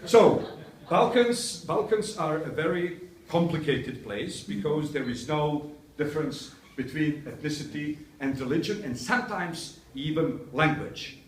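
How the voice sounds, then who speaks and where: A man's voice: fairly high pitch, animated, measured pace. A male university lecturer telling humorous anecdotes to a touring group, chuckling often. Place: indoor museum hall. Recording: echoey room, distant mic, faint ambience.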